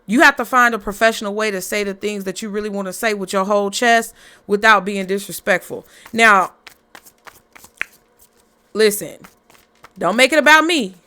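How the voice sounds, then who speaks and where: A woman's voice: medium pitch, moderate pace, long pauses, sharp tone, smooth. A woman giving a casual tarot reading in a blunt, profane, fired-up motivational way. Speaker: tarot reader.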